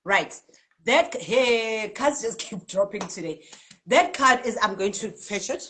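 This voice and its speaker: A South African woman hosting a live spiritual card-reading stream, reading out viewers' comments in a lively, chatty way and laughing often. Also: medium pitch, measured pace, a little hiss or hum. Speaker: spiritual healer and card reader.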